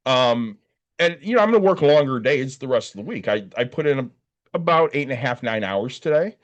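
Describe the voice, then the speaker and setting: In a muffled recording, a man with a mid-range voice speaks briskly. He co-hosts a podcast, casually telling a long, swear-laden story and acting out others' lines with animation, clearly worn out from little sleep.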